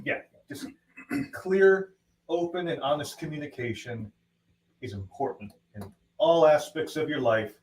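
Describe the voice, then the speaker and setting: A man's voice: a little high, unhurried, a little mellow. A man co-hosting a livestream over a video call, ranting bluntly and with exasperation. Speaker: co-host. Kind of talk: casual livestream chat. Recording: echoey distant call audio, faint noise.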